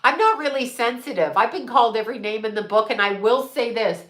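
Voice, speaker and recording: A woman's voice: on the high side, expressive, brisk, fairly bright tone, reverberant. A middle-aged woman, a psychic medium, chatting casually and bluntly, swearing freely and laughing often. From United States. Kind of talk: casual livestream chat.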